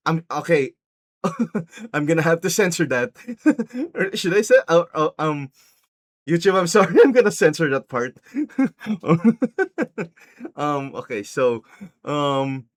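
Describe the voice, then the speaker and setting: On his channel, a YouTuber recaps a film in a very animated yet slow way, pausing often, with no room sound in the recording. He rambles and restarts a lot, laughs frequently, and performs quoted lines in high voices.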